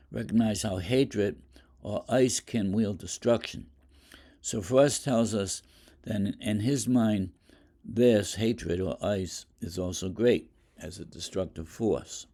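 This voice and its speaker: Slow, low-voiced older man lecturing. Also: mellow. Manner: rambling, many fillers and throat clearing. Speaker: teacher. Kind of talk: informal poetry lecture.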